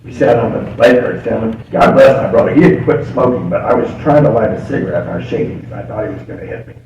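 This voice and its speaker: A man's voice: fairly low pitch, quick pace, a little mellow, highs cut off. A middle-aged man speaking at a recovery meeting, telling his story in a confiding way and laughing often. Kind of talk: recovery story told from a podium. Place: meeting hall. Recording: echoey hall, distant mic, background noise.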